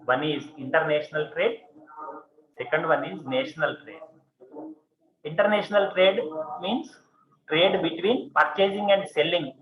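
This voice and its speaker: A man's voice: fairly high pitch, normal speed, pauses often, a crowd in the background. A man with an Indian English accent lecturing a classroom on commerce, repeating points and checking in with "okay" and "see". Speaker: commerce teacher. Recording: muffled classroom recording with students.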